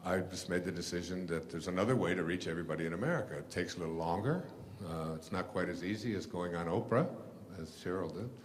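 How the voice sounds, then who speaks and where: Man, very deep voice, rambling halting storytelling, fillers, live audience, echoing hall, faint hiss. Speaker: speaker telling stories to an audience. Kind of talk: storytelling lecture.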